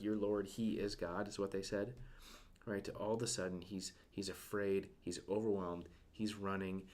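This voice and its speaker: Speaking low over slight background noise, this man leads a relaxed, chatty devotional talk full of filler words. He often poses questions to his audience and softens to a near-whisper at emotional points.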